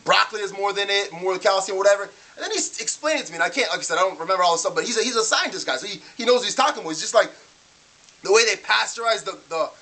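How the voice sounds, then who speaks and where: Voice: medium pitch, lively intonation, racing, pushed and bright. A vlogger ranting casually and in disbelief, acting out their own past remarks in quotes. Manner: exasperated, incredulous ranting. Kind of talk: casual ranting vlog monologue.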